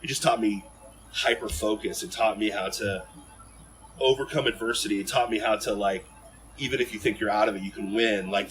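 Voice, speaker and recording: A man from Ohio telling stories as a podcast guest in an animated, rambling way full of fillers and restarts. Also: fairly low pitch, a little hiss or hum, low-quality recording. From Ohio, USA. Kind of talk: casual storytelling in an interview.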